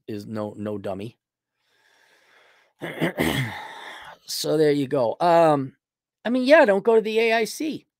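A middle-aged man with a slightly high-pitched voice rants sarcastically from his livestream desk. He rambles, restarts, and shifts into mocking tones. The sound is close and dry, with no room echo. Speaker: livestream host. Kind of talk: casual opinionated commentary.

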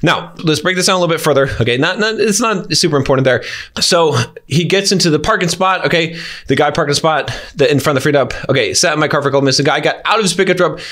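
A man talks straight to the viewer in a blunt, emphatic advice-show style, his voice sitting a touch high for a man. He lays out what to do step by step and keeps checking in with the listener as he goes. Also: fast, fairly bright tone. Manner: emphatic, keeps checking in with "okay?" and "all right?"; blunt and instructive. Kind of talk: direct-to-camera advice talk.

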